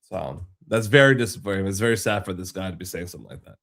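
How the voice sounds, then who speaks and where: A man's voice: low-pitched, fast talker, gravelly, fairly bright tone. Rambling man giving video commentary. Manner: rambling, full of fillers and restarts. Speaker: commentary host.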